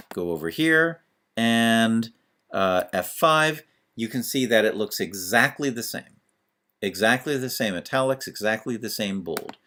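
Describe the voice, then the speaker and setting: A man's voice: on the low side, fairly bright tone. A man teaching a screencast lesson on web pages, talking through each step as he types, with fillers. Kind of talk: screencast tutorial.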